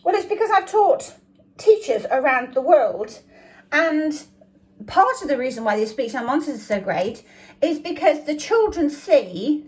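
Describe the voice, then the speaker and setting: Woman phonics teacher, high voice, earnest, spells out sounds slowly. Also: low-quality recording. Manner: sounds out phonemes slowly and deliberately. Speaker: phonics educator. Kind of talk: explanatory teaching talk.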